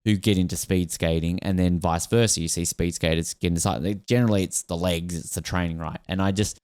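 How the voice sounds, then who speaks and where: A man's voice: deep voice, steady tone, a little fast, darkish tone, smooth, dry recording, clean studio sound. A man hosting a casual sports podcast, rambling and jokey, laughing often. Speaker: podcast host.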